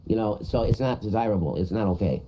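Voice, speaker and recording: A man's voice: lowish voice, fast, dark tone, slight background noise, rough recording. A man on a livestream, rambling crudely and repeating himself in casual chat.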